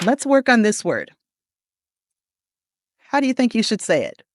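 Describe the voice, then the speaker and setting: An American woman, a pronunciation coach, leading an upbeat lesson and saying model words slowly and deliberately for the listener to repeat. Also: on the low side, no room sound, clean studio sound.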